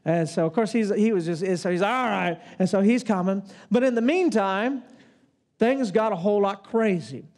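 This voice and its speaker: A man in his fifties telling a personal story in a sermon, in an animated, self-mocking way. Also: sits high, normal speed. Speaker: preacher.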